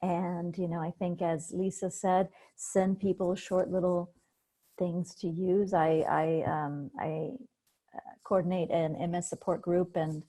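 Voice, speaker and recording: A woman's voice: on the low side, flat delivery, unhurried, dark tone. A woman hypnotherapist hosting a group meeting on a video call, explaining techniques in a casual way. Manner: explains techniques, acts out panicky voices.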